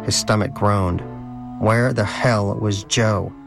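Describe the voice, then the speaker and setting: A man's voice: fairly low pitch, fairly even intonation, slow, creaky, over music. A man reading an audiobook story aloud with wry, dry humor. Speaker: narrator. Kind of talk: audiobook narration.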